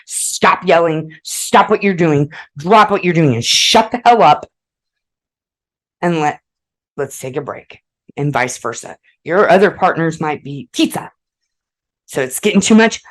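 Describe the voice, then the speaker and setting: A woman's voice: deep voice, lively intonation, moderate pace, poor audio. Blunt, cursing woman podcast host. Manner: blunt, swears freely, frequent "okay?" check-ins. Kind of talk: casual advice podcast with read passages.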